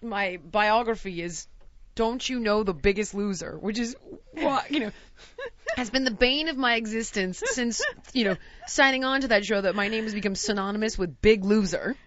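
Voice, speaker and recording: A woman's voice: medium pitch, animated, normal speed, muffled recording. A woman in her forties telling a comic story about her own life, acting out the people in it with self-mocking animation. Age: 40s. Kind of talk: comedic storytelling.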